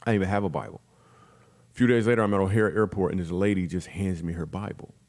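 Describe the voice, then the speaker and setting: Brief: male comedian guest on a podcast, rapid-fire storyteller with a lowish voice, jumps into quick character voices. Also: darkish tone. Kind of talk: comic storytelling in a podcast interview.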